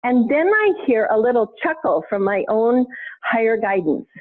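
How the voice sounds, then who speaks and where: A woman guest telling a story in a conversational interview, animated and laughing often, with expressive swings in her voice. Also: fairly high pitch, normal speed. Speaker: podcast guest, intuition teacher. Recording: tinny phone-like line.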